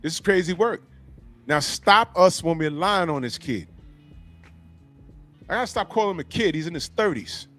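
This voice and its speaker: Podcast co-host, a man with a high voice, mocking and profane, faint music under him. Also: animated, normal speed, pauses often, bright, forceful tone. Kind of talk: casual podcast banter.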